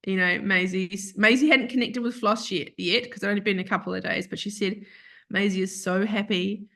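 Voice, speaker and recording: A woman guest telling an emotional personal story, animated, acting out what she and others said and dropping to a soft hush at tender moments. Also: mid-range voice, moderate pace. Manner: animated, quotes herself and others in lively voices. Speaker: podcast guest.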